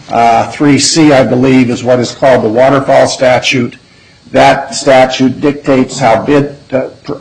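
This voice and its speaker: Man, attorney, appellate oral argument, mid-pitched voice, measured and deliberate, frequent restarts. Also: low-quality recording.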